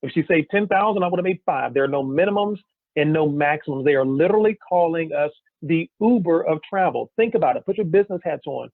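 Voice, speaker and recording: A man giving an energetic sales pitch, firing off rhetorical questions to his listeners. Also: fast, creaky, no room sound. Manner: energetic, rhetorical questions, keeps saying "guys". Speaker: business opportunity presenter. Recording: tinny phone-like dry recording.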